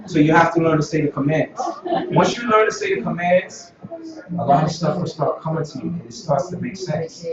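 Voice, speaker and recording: A man teaching an informal language class, unhurried and pausing often with fillers. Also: fairly high pitch, expressive, a loud crowd. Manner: unhurried, many filler pauses. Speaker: Hebrew teacher. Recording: echoey, distant, dull lo-fi room recording with noise.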